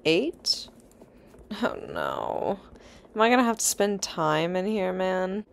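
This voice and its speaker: A woman's voice: fairly low pitch, wildly swooping pitch, slow pace, gravelly, slight background noise. A young woman giving casual, easily scared let's-play commentary, chatty and swearing, with nervous laughs. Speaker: gaming YouTuber.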